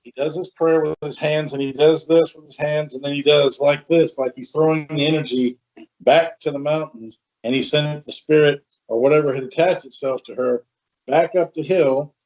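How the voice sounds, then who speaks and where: A man's voice: a little high, moderate pace. Man telling a story on a lo-fi podcast. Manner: chatty, animated anecdote telling with asides. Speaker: podcast host. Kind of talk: casual storytelling. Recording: dull lo-fi sound.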